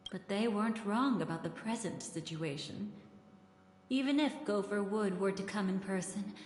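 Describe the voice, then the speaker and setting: An actress playing an enigmatic, teasing woman who speaks in a smooth, measured, mysterious way, recorded as game voice acting. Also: medium pitch, a little mellow, close to an everyday voice. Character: enigmatic, teasing woman with a cryptic, knowing air. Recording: reverberant game audio with music.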